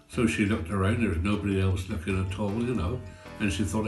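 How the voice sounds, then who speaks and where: A man's voice: on the low side, fairly even intonation, a little fast, a little mellow. A man, telling comic village stories in a chatty, folksy way. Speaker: storyteller. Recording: roomy with faint guitar.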